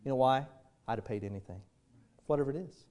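This middle-aged preacher talks quickly in a warm, medium-pitched voice. His sermon is full of folksy stories, and he voices the people he quotes.

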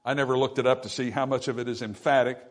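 A man preaching a sermon, his voice swelling loud and dropping soft, with scripture read aloud in old-style wording. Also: mid-range voice, steady tone, fast. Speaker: pastor.

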